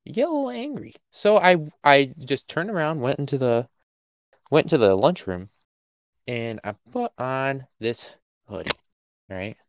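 Animated young man telling stories. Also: medium pitch, unhurried, lo-fi sound. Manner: animated, laughing, swings loud and quiet. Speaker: podcast co-host. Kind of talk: casual storytelling chat.

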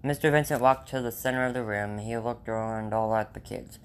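A man's voice: medium pitch, a little fast, slight background noise. A man reading a children's novel aloud in a plain way, with small slips and restarts. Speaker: reader.

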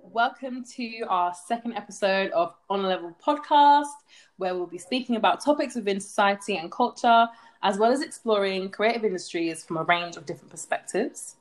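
A woman's voice: medium pitch, normal speed. A young woman from London with a London accent, co-hosting a podcast in casual, playful banter and laughing often. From London, England. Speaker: podcast co-host. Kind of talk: casual chat.

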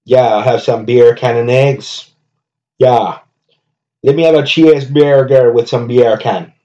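A man voicing a brash man with a mock Jamaican accent, drawing out and shouting exaggerated patois. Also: medium pitch, fairly even intonation, a little slow, muffled recording, natural voice. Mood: cheerful. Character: brash Jamaican man ordering bacon and eggs.

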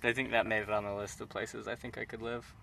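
Excitable young man, slightly low voice. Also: quick pace, vocal fry, slight background noise. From Utah. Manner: excitable, rambling with many fillers. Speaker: podcast host. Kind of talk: casual travel chat.

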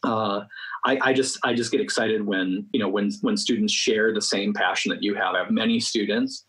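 A man's voice: fairly low pitch, fairly even intonation, moderate pace, a bit bright, slightly rough, low-quality recording. A middle-aged man, a college film teacher, talking in a panel discussion with many restarts and fillers.

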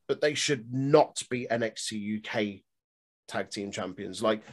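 A British man co-hosting a wrestling podcast, ranting and swearing in casual chat. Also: mid-range voice. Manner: sweary, ranting, laughing often.

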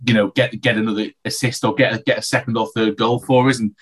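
Quick-talking man in football chat. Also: fairly low pitch, steady tone, breathy edge. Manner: quick, rambling, many restarts. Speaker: podcast co-host. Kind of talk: casual football podcast chat.

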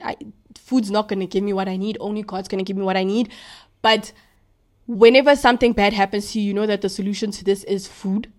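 A woman's voice: mid-range voice, a little mellow. A young woman, hosting a casual Christian talk in a slangy, emphatic, conversational way. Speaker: Christian podcast host.

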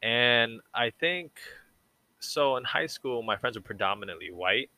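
This young man, a podcast guest, has a mid-range, pushed and bright voice with lively intonation and a measured pace, recorded with no room sound. His casual talk is rambling and reflective, heavy on "like."

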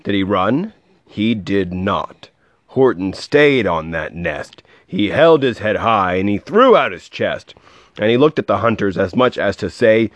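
A man reading a rhyming picture book aloud to a child, with a lively, sing-song delivery and soft asides. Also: lowish voice, unhurried, dry recording.

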